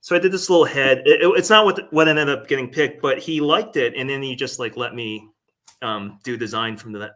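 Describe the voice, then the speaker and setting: A man talking as a guest artist in a casual interview, hesitant and animated, with plenty of "um" and "like". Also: medium pitch, brisk.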